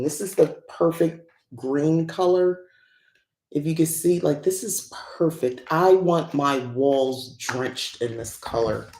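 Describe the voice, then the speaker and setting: A woman's voice: sits low, mellow, echoey room. A woman hosting a casual unboxing chat who rambles and laughs often. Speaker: host.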